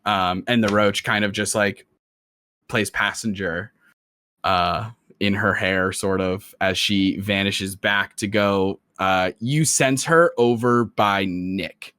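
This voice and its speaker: A man's voice: on the low side, fairly even intonation, slow, sharp tone, clear, resonant tone, dry recording. A young man narrating a tabletop game as dungeon master, loose and casual. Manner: loose, casual, many fillers.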